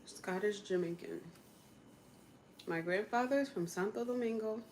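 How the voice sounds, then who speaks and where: Young woman, casual livestream host, chatty and quick to laugh, faint background noise. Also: mid-range voice, darkish tone. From United States. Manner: chatty, laughs often, answers viewer comments.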